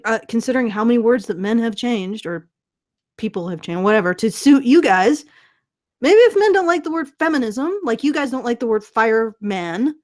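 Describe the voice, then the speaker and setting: Woman podcast host, slightly high voice, sarcastic, swears, trips over restarts. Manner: sarcastic, stammering restarts, profane. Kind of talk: casual commentary chat.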